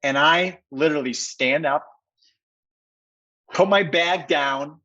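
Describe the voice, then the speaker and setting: A man, a podcast guest, telling a story with excitement in a rambling, conversational way, full of fillers. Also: fairly high pitch, slow pace, lo-fi sound. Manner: excited, rambling, heavy use of "like".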